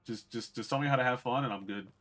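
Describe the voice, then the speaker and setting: A man's voice: medium pitch, fast talker, a bit bright. A man streaming a game, chatting casually and profanely to his viewers. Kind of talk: casual gameplay commentary.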